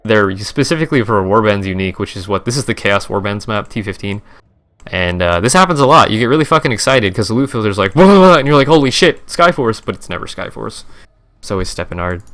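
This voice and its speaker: A man's voice: lowish voice, animated, fast talker, fairly bright tone. A young man, a streamer, casually recapping his game trades in a rambling, profane, self-correcting way.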